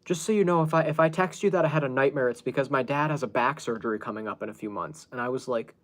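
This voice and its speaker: This podcast host has a mid-range, slightly bright voice and a quick pace. He relates a story in an exasperated, casual way, frequently laughing and cursing as he recounts what others said.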